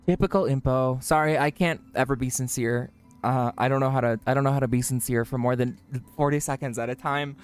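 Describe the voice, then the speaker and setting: A livestreamer chatting casually with viewers and friends, joking, swearing and mocking themselves, with the pitch jumping high for greetings. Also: fairly even intonation, a little fast, clean tone. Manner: joking, profane, self-mocking.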